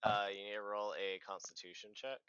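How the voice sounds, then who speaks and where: A man's voice: fairly low pitch, flat delivery, brisk, a bit bright, clear, resonant tone, no echo, dull audio. A man running a tabletop game as game master, easygoing and laughing often as he explains the rules.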